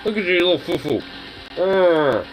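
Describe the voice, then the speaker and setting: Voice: mid-range voice, expressive, normal speed, faint music behind, poor audio. A dog owner chatting casually to their pet dog, teasing it playfully in baby talk with swearing and laughter.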